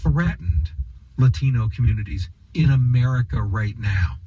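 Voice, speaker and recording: A man's voice: mid-range voice, moderate pace, warm tone, slightly rough, dull audio. A man giving an opinion monologue as a political commentator, sarcastic and emphatic, firing off rhetorical questions.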